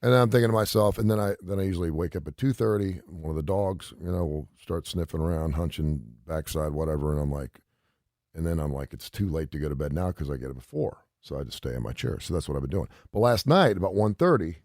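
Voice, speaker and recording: A man's voice: sits low, fast, darkish tone, no echo, studio quality. A middle-aged man hosting a radio show, casually telling a long rambling story and acting out the quotes. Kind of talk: casual chat.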